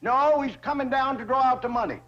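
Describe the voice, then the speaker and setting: A man's voice: very high voice, fairly quick. An actor playing a boastful, stubborn rustic old man, talking brashly and folksily. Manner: brash, folksy, self-pleased. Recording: dull old TV soundtrack with loud laugh track.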